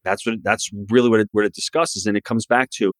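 Give me a low-voiced man in a dry studio sound, confidently pitching his investing approach as a podcast guest. He speaks with emphatic, salesy conviction. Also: fairly even intonation, fast talker, no echo. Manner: emphatic, promotional advice-giving. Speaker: real estate investor guest. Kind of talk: podcast interview.

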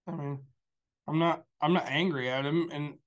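A man's voice: on the high side, fairly even intonation, moderate pace. A man talking casually on a show, telling a long story in a rambling, profane way full of fillers. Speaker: show regular. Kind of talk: casual chat.

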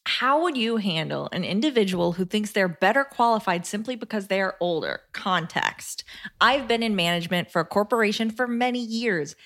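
A woman's voice: mid-range voice, expressive, moderate pace, a bit bright. A young woman co-hosting a podcast, friendly and laughing easily as she reads out listener questions. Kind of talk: casual podcast chat.

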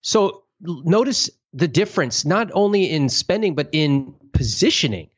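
Animated male podcast host, lively delivery. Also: fairly high pitch, normal speed, husky, highs cut off. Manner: animated storyteller, acts out quotes in exaggerated voices. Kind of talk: casual podcast talk.

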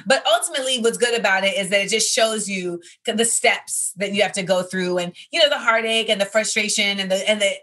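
Bright-voiced woman podcast host. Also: mid-range voice, a little fast, hardly any pauses. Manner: rambling, conversational, filler-heavy. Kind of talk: casual chat.

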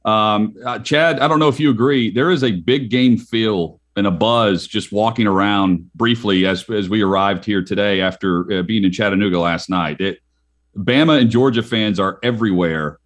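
A man with a lowish voice co-hosts a sports talk show. He is upbeat and promotes upcoming events as he chats. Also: moderate pace. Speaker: co-host.

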